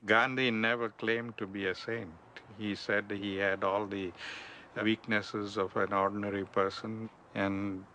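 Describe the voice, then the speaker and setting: A man being interviewed, answering in a calm, measured way. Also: on the low side, slight background noise. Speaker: interviewee, a family member.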